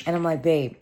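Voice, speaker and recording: Chatty low-voiced woman telling a story. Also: slight background noise. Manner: chatty, addresses viewers as y'all, animated retelling. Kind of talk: casual storytime.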